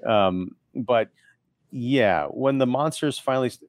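A man's voice: mid-range voice, measured pace, no echo, clean studio sound. A man co-hosting a casual movie podcast, talking in a wry, sarcastic way with casual swearing. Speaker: podcast co-host.

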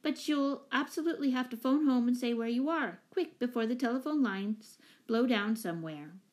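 A woman playing a firm, warm mother. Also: fairly high pitch, normal speed, voice pushed up, lightly acted. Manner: warm, firm and matter-of-fact. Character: kind, practical mother of a family.

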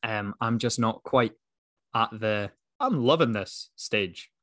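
A man's voice: on the low side, expressive, takes it slowly, a bit bright, no echo, studio quality. A Scottish man from Scotland co-hosting a book podcast, talking in an easygoing, self-mocking way. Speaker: podcast co-host. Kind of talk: casual chat.

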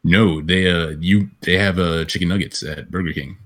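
A man's voice: low-pitched, fairly even intonation, moderate pace, fairly bright tone. A man co-hosting a comedy podcast in casual banter, stammering and repeating words. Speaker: podcast co-host.

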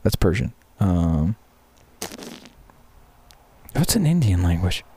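A man's voice: low-pitched, big pitch swings, takes it slowly, dark tone, a little hiss or hum. A man from Wyoming, co-hosting a casual chat, who tells stories with frequent laughs and restarts. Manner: laughs often, storytelling with restarts. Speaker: podcast co-host.

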